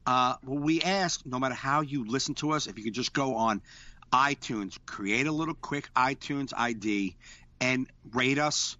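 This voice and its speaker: A man co-hosting a casual podcast, his voice bright and forward. He rambles, restarts and swears freely, speaking into a desk mic over an online call, at an everyday pitch for a man. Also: moderate pace, dull audio. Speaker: podcast co-host. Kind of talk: casual chat. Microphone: desk microphone over a call.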